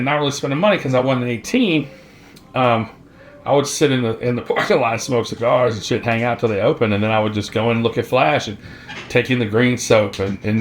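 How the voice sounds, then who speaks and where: A man, a tattoo artist telling a story from his youth in a blunt, profane, laid-back way. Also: mid-range voice. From Virginia, US. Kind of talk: casual storytelling.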